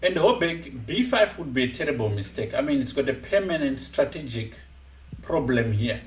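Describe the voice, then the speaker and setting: A man coaching chess on a live stream, explaining moves in an animated way and laughing often. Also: medium pitch, normal speed, roomy sound, distant mic, slight background noise.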